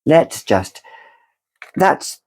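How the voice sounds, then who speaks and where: Speaking extremely slowly in a slightly mellow voice, a British woman reviews perfumes in a relaxed vlog. Her descriptions are gushing, theatrical, and effusive.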